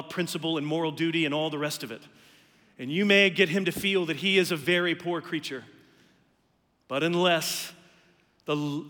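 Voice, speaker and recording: A man's voice: on the high side, pushed and bright, long reverb tail. A man preaching a sermon earnestly, his voice climbing emphatically on key words. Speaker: pastor.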